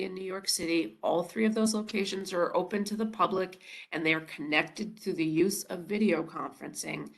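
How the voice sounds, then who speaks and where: A woman with a raspy voice and a stuffy nose from a cold, explaining open meetings rules in an online information session. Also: lowish voice, a bit bright. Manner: procedural, explanatory, with frequent uh and restarts. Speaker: government presenter on open meetings law.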